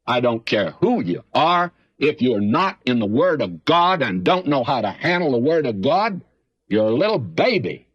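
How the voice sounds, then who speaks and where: A man's voice: medium pitch, big pitch swings, normal speed, slightly rough, no room sound, dull audio. An older man teaching the Bible in a folksy, emphatic way, like an old radio preacher.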